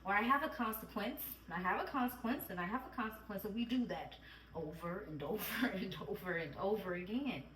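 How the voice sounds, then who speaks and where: A mom vlogger talks a little fast in a medium-pitched, fairly bright voice, candid and earnest, repeating her phrases and at times close to tears. It's a heartfelt chat, captured in a roomy, distant home recording with slight background noise.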